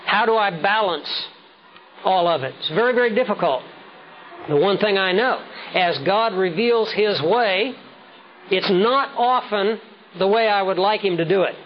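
A man preaching a sermon with measured, emphatic delivery, slowing down to stress key words. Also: sits high. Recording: dull lo-fi sound with faint noise.

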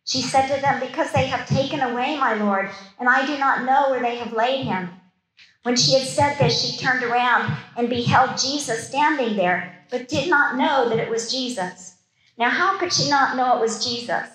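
A woman teaches a Bible study sermon in a fairly high voice. She reads the verses aloud, then breaks off into casual, conversational asides about them. The room adds a noticeable, roomy echo. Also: moderate pace, a bit bright.

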